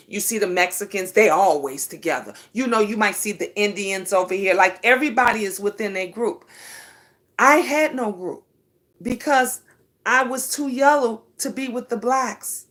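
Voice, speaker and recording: A middle-aged woman, telling a casual story to her viewers in an emphatic, animated way. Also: medium pitch. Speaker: vlogger.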